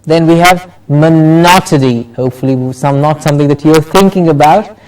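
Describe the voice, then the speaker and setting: A man teaching a pronunciation class, modelling words slowly and carefully, drawing them out for his students to repeat. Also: a little high, a little mellow, clean tone. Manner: slow, drawn-out modelling of words. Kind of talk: classroom lesson. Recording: voice from far off the mic.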